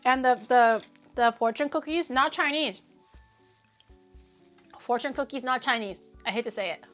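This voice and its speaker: High-voiced woman ranting on a livestream. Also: normal speed, soft background music. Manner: animated, ranting, swears freely. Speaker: livestream host. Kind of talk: casual livestream chat.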